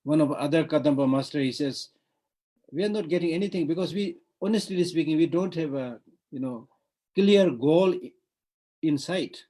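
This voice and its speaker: A man's voice: on the high side, moderate pace, warm tone, rough recording. A man with a Tibetan accent giving an online Buddhist teaching, talking in a discursive way with repeated words and frequent "you know".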